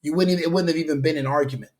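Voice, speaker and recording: Angry ranting man, fairly high voice. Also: steady tone, racing, a little mellow. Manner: heated, repetitive, scornful. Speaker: commentary video host. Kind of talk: angry opinion rant.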